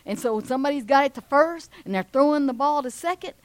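A woman, preaching and telling a story with lively acted-out voices of a cheering crowd. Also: fast, slight background noise. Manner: animated, acts out cheering crowds in a high voice. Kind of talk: sermon storytelling.

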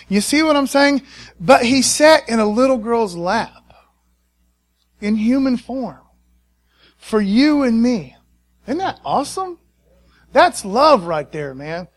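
Guy preaching, pretty high voice, excited, keeps asking the crowd amen. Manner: excited, conversational preaching with frequent call-and-response. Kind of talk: sermon.

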